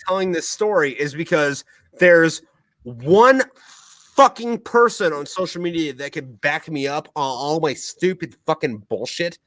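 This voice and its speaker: A man hosting a podcast, slightly drunk and fired up, swearing through nearly every phrase. His voice is bright and pitched a little high, swinging wildly up and down as he rants. The sound is dry and close to the mic. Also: dry recording, rough recording. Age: adult, military veteran. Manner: heated, swears constantly, animated. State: tipsy. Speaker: podcast host. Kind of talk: profane casual rant.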